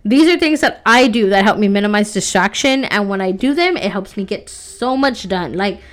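A woman's voice: medium pitch, lively intonation, normal speed. A woman in her thirties hosting a solo podcast, talking casually and encouragingly, often adding "like" and "right?". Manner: chatty, fills with "like" and "right?"; encouraging, faith-based. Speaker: podcast host.

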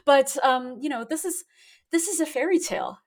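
A woman author talking in a relaxed interview over a remote connection, thoughtful and quick to laugh at herself. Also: sits high. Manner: thoughtful, self-deprecating, laughs often. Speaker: guest author. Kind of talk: casual interview talk. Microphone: remote call.

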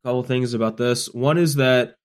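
A man's voice: medium pitch, steady tone, normal speed, clean tone. Sick man giving long thoughtful takes. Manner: thoughtful, long explanations with restarts. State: sick, rough voice. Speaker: podcast co-host, tournament player. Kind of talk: casual chat.

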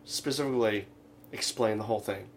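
Rambling man co-hosting a comedy show. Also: lowish voice. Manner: rambling, halting retelling with many fillers. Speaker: radio show co-host. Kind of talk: casual comedic chat.

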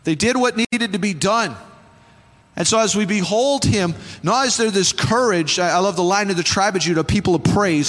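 A man's voice: high voice, a bit bright. Impassioned man preaching in a reverberant hall. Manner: impassioned, rising to fervent calls to the congregation. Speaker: pastor. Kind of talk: sermon. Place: church sanctuary. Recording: long hall reverb with faint music.

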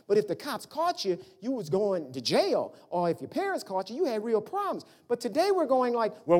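A man preaching a sermon, telling family stories and acting out the voices of his parents. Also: high-pitched. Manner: animated preaching with storytelling and voiced family dialogue. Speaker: pastor.

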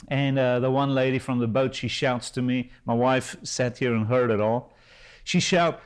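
A man preaching a sermon as a pastor and Bible school teacher, impassioned, swinging between loud rises and hushed drops. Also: mid-range voice, moderate pace, clear, resonant tone, low-quality recording.

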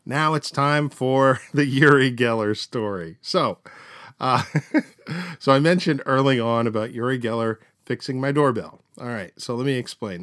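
A man's voice: mid-range voice, fairly bright tone, dry recording, clean studio sound. A middle-aged man hosting a podcast, telling stories in a chatty way full of fillers and restarts. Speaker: podcast host. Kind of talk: casual storytelling.

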